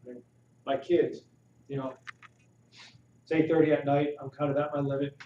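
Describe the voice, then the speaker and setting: A man giving a live health talk to an audience, asking them questions with animated emphasis. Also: a little high, moderate pace. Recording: roomy, distant, dull audio with faint noise.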